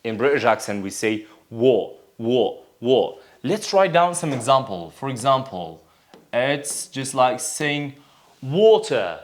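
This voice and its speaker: Man, Kurdish first language, English teacher, slow delivery, animated intonation, repeats words, quizzes the class. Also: medium pitch. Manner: explains step by step, repeating words and asking the class questions. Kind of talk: classroom grammar and pronunciation lesson.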